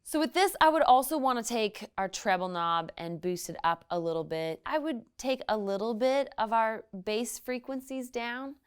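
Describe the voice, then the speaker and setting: A woman's voice: a little high, normal speed, few pauses. Woman teaching guitar tone, casual. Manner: relaxed, friendly explaining with small restarts. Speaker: guest guitar instructor. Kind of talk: casual guitar lesson demo. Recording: loud guitar music between lines.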